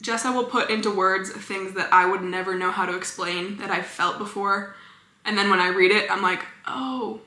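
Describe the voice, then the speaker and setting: A woman chatting casually as a book vlogger, gushing about her favorite reads with quick, enthusiastic asides. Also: mid-range voice, level tone, bright, forceful tone, roomy sound. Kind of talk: casual book review chat.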